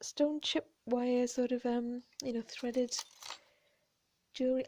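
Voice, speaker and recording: A woman chatting gently as she shows her vintage jewellery finds. She talks quietly, often slipping into whispers, with playful asides. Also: fairly high pitch, level tone, slow, pauses often. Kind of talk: relaxed show-and-tell chat.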